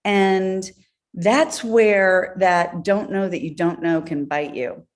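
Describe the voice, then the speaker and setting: Woman, interview guest, lower-pitched, animated storyteller, laughs. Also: slow. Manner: animated, laughs while telling stories. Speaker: guest, entrepreneur. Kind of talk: conversational storytelling.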